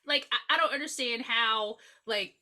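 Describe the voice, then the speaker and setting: A woman's voice: on the high side, moderate pace. A woman co-hosting a podcast, retelling a movie plot in crude, joking casual chat. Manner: profane, joking, animated retelling. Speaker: podcast co-host.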